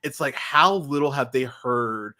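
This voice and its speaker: A man hosting a casual podcast, his voice bright and forceful at a middle pitch. He talks in quick bursts full of restarts and laughter. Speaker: podcast host.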